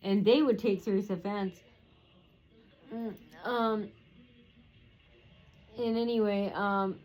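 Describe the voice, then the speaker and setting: A woman's voice: mid-range voice, fairly even intonation, slow, pauses often, a little mellow, rough recording. A woman telling a personal story in a rambling way, with many fillers and restarts.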